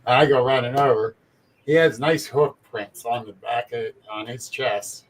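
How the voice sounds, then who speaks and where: A man's voice: mid-range voice, normal speed. Older man, grandfather, easygoing, chuckling storyteller, faint background hiss. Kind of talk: casual chat.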